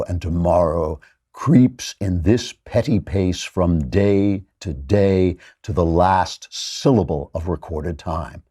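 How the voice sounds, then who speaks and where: A man reading the lines of a despairing male king facing death, in a slow, solemn theatrical recitation with a low, husky voice. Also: dark tone, full character voice.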